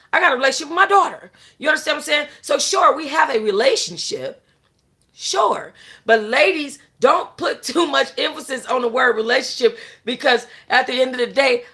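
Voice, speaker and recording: A woman's voice: a little high, sharp tone. Woman, young adult, host, casual chat, blunt, profane, preachy. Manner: blunt, profane, lecturing, repeats "you know what I'm saying"; talks straight to the audience, answers chat.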